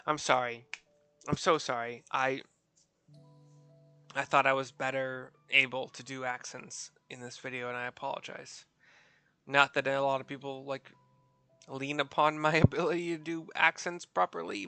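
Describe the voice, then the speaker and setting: A man's voice: mid-range voice, level tone, normal speed, vocal fry, bright, forceful tone, faint music behind. A man narrating a game story aloud in a casual, self-correcting way, with apologetic asides.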